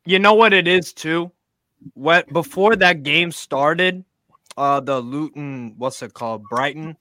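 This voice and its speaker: A man's voice: on the high side, measured pace, pushed and bright, dry recording. A man co-hosting a casual football chat, hesitant and often trailing off.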